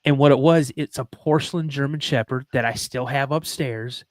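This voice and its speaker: Speaking at a medium pitch and a moderate pace, this male podcast host earnestly recounts something from his own life. He reenacts the conversations with plenty of ums, and the emotion comes through clearly. The recording has no room sound.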